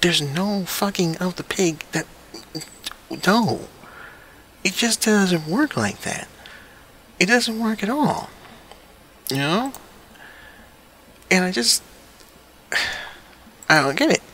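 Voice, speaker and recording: A man's voice: high-pitched, lively intonation, slow, pauses often, bright, forceful tone, a little hiss or hum. A young man hosting his own vlog, talking in a casual, profane and incredulous rant. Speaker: vlog host.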